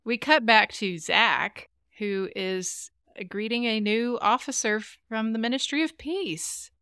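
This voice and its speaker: A woman's voice: on the high side, takes it slowly, bright, forceful tone, clear, resonant tone, no room sound, clean studio sound. A woman co-hosting a casual podcast, chatty and amused, recapping episodes. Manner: chatty, amused, laughs easily. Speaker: podcast co-host. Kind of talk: casual chat.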